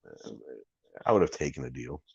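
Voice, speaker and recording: A man's voice: very deep voice, animated, normal speed, slightly rough, no room sound. A middle-aged man hosting a podcast, rambling through a story, repeating words and acting out what others said. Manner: rambling, repeats words, acts out quoted dialogue. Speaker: podcast host. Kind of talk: casual storytelling. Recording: dull, lo-fi dry sound.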